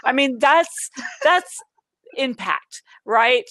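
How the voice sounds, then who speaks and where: A woman hosting an online talk show, telling stories in an animated way and laughing often. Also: high-pitched, very slow, no room sound. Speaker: host of an online speakers' show. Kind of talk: casual chat.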